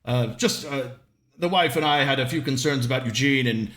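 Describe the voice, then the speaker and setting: A man's voice: medium pitch, normal speed, fairly bright tone, lightly acted. A man voicing a formal, polite wealthy older businessman who stammers and repeats himself. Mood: courteous. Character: wealthy older male timber magnate, proper.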